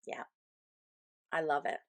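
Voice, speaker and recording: A woman co-hosting a podcast as a medium, chatting casually and telling stories with lively acted-out quotes. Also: takes it slowly, dry recording. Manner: animated storytelling, acts out quoted people. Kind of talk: casual chat.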